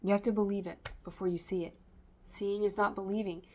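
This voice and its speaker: A woman's voice: medium pitch, steady tone, brisk, warm tone, a little hiss or hum. A woman giving a casual spiritual tarot reading to camera, rambling and stream-of-consciousness with many fillers. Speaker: tarot reader.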